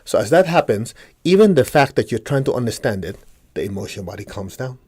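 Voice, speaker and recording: Speaking fast in a sing-song, mid-range voice that's darkish with a breathy edge, a man gives a spiritual teaching talk to a meditation group. He lays out ideas one step at a time, asks listeners questions before answering them, and voices inner dialogue in quotes.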